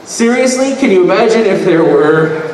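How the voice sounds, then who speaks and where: Man, stand-up anecdotes, rambling, slightly high voice, roomy convention hall. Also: lively intonation, moderate pace, crowd noise. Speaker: guest comedian telling stories. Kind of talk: stand-up storytelling. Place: convention panel room. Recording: echoey hall from far off.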